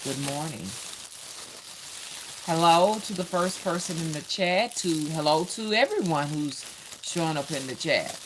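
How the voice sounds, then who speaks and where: A Southern US woman hosting a casual live stream, her voice sitting on the lower side. She talks at an unhurried pace, greets her viewers by name and often stops to fill a pause with "um". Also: animated, noisy background. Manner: chatty, greets viewers by name, frequent ums. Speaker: livestream host.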